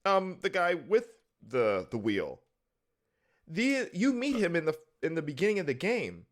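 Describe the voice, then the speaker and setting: A man co-hosting a casual chat about a video game, laughing often and acting out characters in quick voices. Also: on the high side, big pitch swings. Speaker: podcast co-host.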